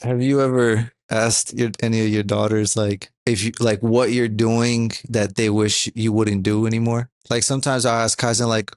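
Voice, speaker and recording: A man co-hosting a podcast, speaking quietly and briefly in casual chat. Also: lowish voice, little pitch movement, normal speed, hardly any pauses.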